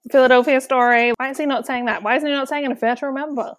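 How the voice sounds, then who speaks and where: A woman's voice: high voice, steady tone, very fast, no echo. A woman co-hosting a casual film podcast, talking enthusiastically and acting out lines she quotes. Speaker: podcast co-host.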